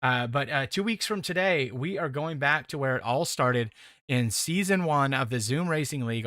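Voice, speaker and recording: A man with a bright, forceful voice hosts a sim racing stream. He rambles through his sign-off with lots of "uh"s and pokes fun at himself. The sound is dry and close. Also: mid-range voice, no echo. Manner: rambling, self-deprecating, filler-heavy. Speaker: sim racing broadcast host. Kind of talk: casual closing commentary.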